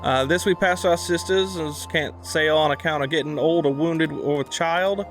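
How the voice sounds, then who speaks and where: A man playing a proud, folksy female pirate from a game, southern drawl, fairly high voice. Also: moderate pace, soft background music, natural voice. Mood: gruff. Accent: put-on American Southern. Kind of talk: reading game dialogue aloud.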